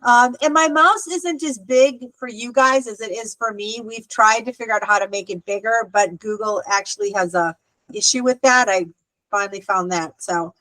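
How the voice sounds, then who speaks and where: A woman's voice: on the high side, moderate pace, bright, forceful tone, no room sound, rough recording. A woman teaching an adult Hebrew class over a video call, explaining patiently and checking in with "okay" often. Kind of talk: online adult class instruction.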